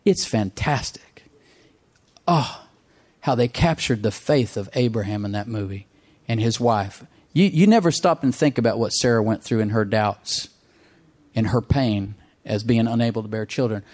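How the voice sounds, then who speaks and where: A man's voice: fairly low pitch, normal speed, a little mellow. A man preaching a sermon with emphatic repetition, often asking the congregation for an amen. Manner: emphatic, calls for amens, repeats phrases.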